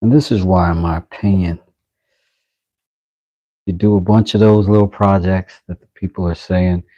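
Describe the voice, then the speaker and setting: A man's voice: sits low, fairly even intonation, normal speed, muffled recording. A man talking to himself and his viewers while working on a project, rambling and joking as he goes. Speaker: maker filming his workshop. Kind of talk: casual workshop vlog.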